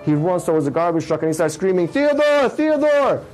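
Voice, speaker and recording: A man telling an inspirational religious story with emphatic delivery, slowing to draw out key phrases. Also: on the high side, little pitch movement, mellow, soft background music, poor audio.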